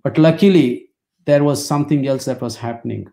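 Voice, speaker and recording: A man's voice: mid-range voice, fairly quick, creaky, warm tone. A man in his sixties from India, speaking, gives a webinar lecture as wry, anecdotal storytelling.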